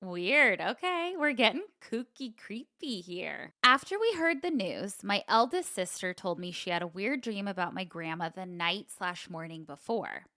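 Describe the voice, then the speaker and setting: A woman's voice: medium pitch, expressive, moderate pace, few pauses, sharp tone, no echo, studio quality. A woman co-hosting a podcast, chatting candidly and reading out a listener email, laughing easily. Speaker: podcast co-host.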